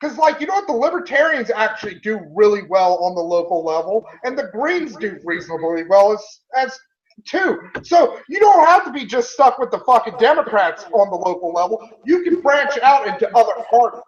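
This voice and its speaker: Guest ranting: high-pitched man, angry, cursing, muffled by candy, dull audio. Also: animated, a little fast, a little hiss or hum. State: talking with candy in his mouth. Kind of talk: casual livestream chat.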